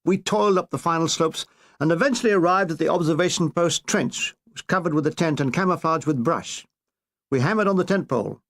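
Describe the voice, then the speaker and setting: A man reading a comic war memoir aloud in a wry, deadpan way. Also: on the high side, fairly quick. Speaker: narrator.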